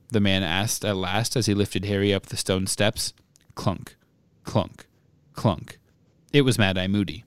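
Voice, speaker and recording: A podcast host reading a book chapter aloud in measured, even narration. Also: male voice, deep voice, clean tone, no room sound.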